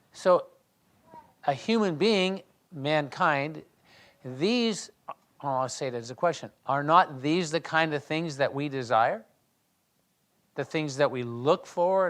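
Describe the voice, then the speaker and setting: A man leading a Bible study, reading scripture aloud and then talking it through in a conversational way, often restarting and clearing his throat. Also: fairly high pitch, slow pace, pauses often, fairly bright tone. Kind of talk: reading scripture and discussing it in a small group.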